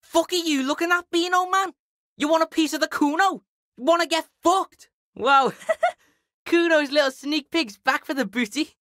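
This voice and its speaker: A brash, swaggering street kid from a video game, played by a woman, who is foul-mouthed and always talks about himself in the third person. The voice is high and bright. It sounds dry and close. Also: moderate pace, dry recording. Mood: cocky. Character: foul-mouthed cocky young street boy. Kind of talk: video game character acting.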